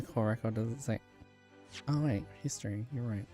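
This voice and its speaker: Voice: medium pitch, normal speed, warm tone, soft background music. A streamer chatting casually while playing a story game, laughing often, swearing and restarting sentences. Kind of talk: casual live gameplay chat.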